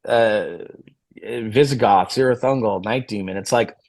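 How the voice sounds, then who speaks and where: A man's voice: on the low side, unhurried. A man around forty, a guest musician and promoter, telling stories in a casual interview. He swears freely and acts out the people he quotes. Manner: profane, animated storyteller, acts out quoted dialogue.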